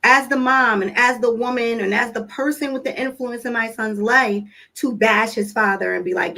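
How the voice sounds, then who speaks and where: Woman, parenting vlogger, bright higher pitch, casual earnest storyteller who acts out dialogue. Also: moderate pace, gravelly, hardly any pauses, poor audio. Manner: conversational storytelling, acting out quoted dialogue; earnest, coaching tone with direct questions to listeners. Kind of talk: casual monologue to camera.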